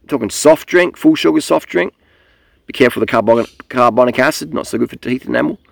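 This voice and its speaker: A young man with a gravelly, fry-laden voice, speaking close and dry with almost no room sound. He rambles bluntly, swearing freely as he lectures other riders. His pitch sits at an ordinary middle height. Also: fast talker, no room sound. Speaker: cycling vlogger. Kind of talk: casual rambling monologue. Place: outdoors.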